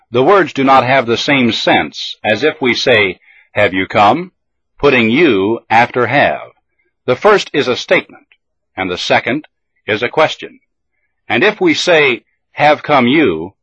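A man reading a scripted language drill slowly, with careful, deliberate enunciation. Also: mid-range voice, fairly bright tone, breathy edge, no room sound. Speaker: language teacher. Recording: dull lo-fi old tape recording.

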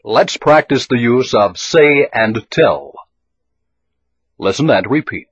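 A man giving measured, scripted instructions and questions for a language drill. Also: mid-range voice, expressive, slightly rough, no echo. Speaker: lesson prompter. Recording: dull lo-fi old tape recording.

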